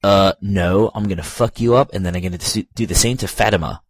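A man's voice: low voice, fairly quick, breathy edge, dry recording. A man mimicking a game's warrior hero who talks in a blunt, profane, modern way. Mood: threatening. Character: crude modern-talking young male warrior.

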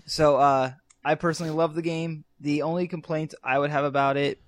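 A man's voice: on the high side, level tone, fairly quick, no echo. A young man co-hosting a casual podcast chat, rambling and hesitant with many fillers. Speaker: podcast co-host.

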